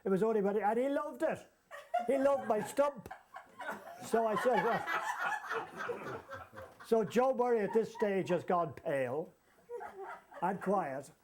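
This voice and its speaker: A man telling a comic travel anecdote as a storyteller, lively and chuckling along as he goes. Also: sits high, a little slow, pauses often, noisy background. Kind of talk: comic anecdote told to an audience.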